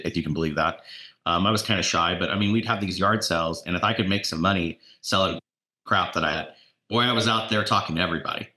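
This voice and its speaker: Deep-voiced man telling stories in an echoey room. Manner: animated anecdotes, repeats words. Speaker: real estate agent and coach. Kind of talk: casual storytelling.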